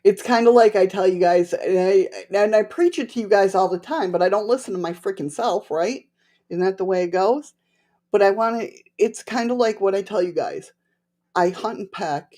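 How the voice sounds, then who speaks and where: A woman's voice: lowish voice, warm tone. Chatty woman with a slight lisp. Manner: rambling and chatty, laughs often, talks to chat viewers. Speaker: livestream host. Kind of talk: casual livestream chat.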